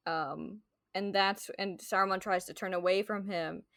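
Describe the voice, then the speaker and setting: A woman's voice: mid-range voice, fairly even intonation, normal speed, gravelly, a bit bright, no echo. Woman podcast host, casual book chat, filler-heavy talk, dry close sound. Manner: chatty, many "like" fillers. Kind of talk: casual book discussion with read-aloud passages.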